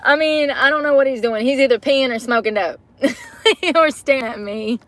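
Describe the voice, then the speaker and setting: A woman's voice: high voice, moderate pace, fairly bright tone. A woman vlogging to a phone camera from inside her parked car, chatty and profane, breaking into laughter often. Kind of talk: casual chat to camera.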